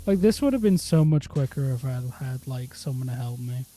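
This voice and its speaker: A British man chatting casually on a gaming stream, musing offhand with the odd swear and quiet laugh. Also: medium pitch, animated, a little fast. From Britain. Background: faint lo-fi music.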